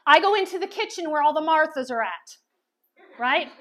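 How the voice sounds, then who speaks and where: A woman telling a personal testimony as a sermon, animated and full of stammered restarts. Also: high-pitched, moderate pace. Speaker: speaker sharing testimony. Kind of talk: sermon storytelling.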